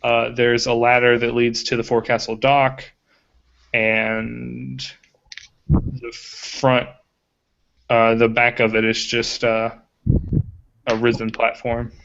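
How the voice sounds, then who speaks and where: A man acts as game master, describing the scene in a relaxed, halting way with plenty of ums. His pitch sits in the middle range. The recording is dull and lo-fi. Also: gravelly. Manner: casual, hesitant, many fillers. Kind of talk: narrating a tabletop game. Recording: muffled lo-fi recording.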